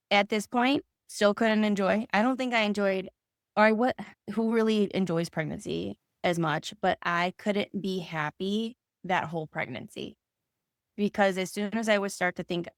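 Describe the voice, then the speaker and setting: A woman's voice: on the low side, creaky, dry recording, studio quality. A woman, a podcast guest, earnestly telling her personal story in conversation and acting out remembered dialogue.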